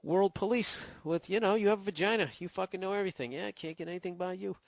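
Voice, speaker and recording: A man voicing a sarcastic, fawning man flattering a woman, in an exaggerated mocking tone. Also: high voice, fast talker, gravelly, no room sound, pitched above the performer's own voice.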